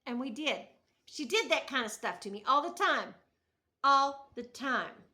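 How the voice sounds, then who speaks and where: A woman's voice: high-pitched, expressive, normal speed, sharp tone. A middle-aged woman telling family stories in a casual, chatty knitting vlog, often laughing and restarting her sentences. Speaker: knitting vlogger. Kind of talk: casual storytelling to camera.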